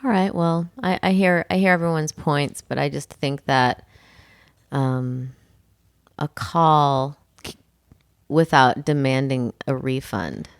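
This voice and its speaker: A female podcast co-host reads listener emails and teases her partner with dry skepticism. Her voice sits on the lower side for a woman. It is recorded close on a dry, dead-sounding mic. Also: slow, long pauses, clear, resonant tone, dry recording. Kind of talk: casual comedic chat.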